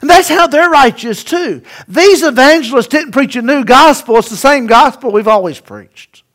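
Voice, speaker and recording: A pastor preaching a sermon, swinging between loud emphasis and hushed asides and asking the congregation rhetorical questions. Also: male voice, very high-pitched, animated, moderate pace.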